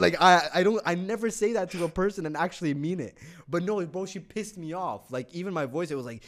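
Young man swearing through an animated story. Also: high-pitched, moderate pace. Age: young adult. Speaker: podcast co-host. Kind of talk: casual podcast chat.

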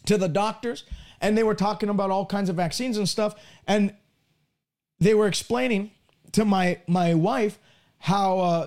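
High-voiced earnest male preacher. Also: a little mellow. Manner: earnest storytelling, repeats words when building up. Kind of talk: sermon broadcast. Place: lives in Canada.

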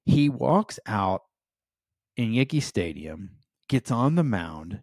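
With a mid-range voice that swings widely in pitch, this American man speaks slowly and a little mellow in a clean studio recording with no room sound. He hosts a leadership podcast, giving a reflective solo talk full of earnest "um"s, "right?"s, and rising emphasis.

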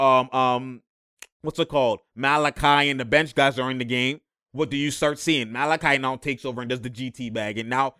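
A man's voice: fairly high pitch, fairly bright tone, dry recording, clean studio sound. A young man hosting a podcast, talking basketball in a casual, slangy way and leaning on filler phrases. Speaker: podcast host.

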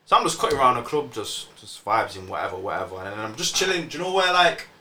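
A man's voice: medium pitch, sing-song, bright, forceful tone, slight background noise. A young man, telling stories in slangy casual chat as a podcast host. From Scotland. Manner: slangy, storytelling, quick. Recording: roomy sound with faint ambience.

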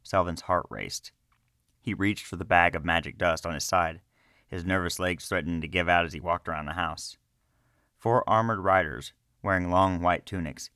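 Male audiobook narrator, very deep, measured and slow, dry close recording. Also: sharp tone, dry recording. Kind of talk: scripted narration of a fantasy story.

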